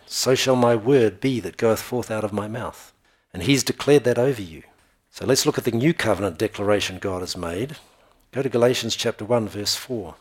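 A man's voice: on the low side, husky. Man preaching, reading scripture aloud. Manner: reads verses louder and slower, then explains in plain asides.

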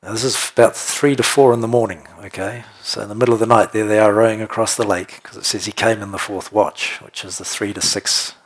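A man preaching a sermon, animated and playful, often laughing and checking in with the congregation. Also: lowish voice, fairly quick, few pauses. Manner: animated, jokey, laughs often, asks the room "right?". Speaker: pastor.

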